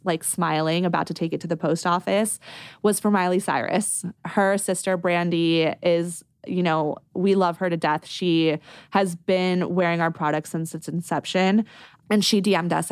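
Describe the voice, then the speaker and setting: Woman founder rambling excitedly on a podcast, lower-ish voice, dry mic. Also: creaky, no room sound. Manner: animated, quick, lots of "like". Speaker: brand founder, podcast guest. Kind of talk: casual interview storytelling.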